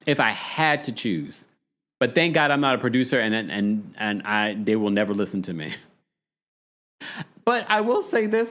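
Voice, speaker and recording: Animated man hosting a recap show. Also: on the low side, moderate pace. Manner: animated, reads viewer comments aloud; repeats words when restarting, laughs often. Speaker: podcast host. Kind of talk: reality TV recap with live chat.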